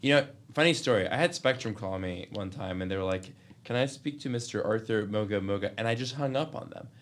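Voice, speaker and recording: A man's voice: mid-range voice, expressive, fairly quick, fairly bright tone. A man co-hosting a podcast, chatting casually and telling joking stories. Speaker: podcast co-host. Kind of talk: casual chat.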